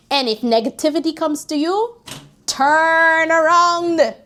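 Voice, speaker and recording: Young woman, high voice, animated, preachy, casual vlog advice, speaks to camera. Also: unhurried. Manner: animated, preachy, talks to viewers directly. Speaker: vlogger. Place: New York, recording outdoors near street traffic.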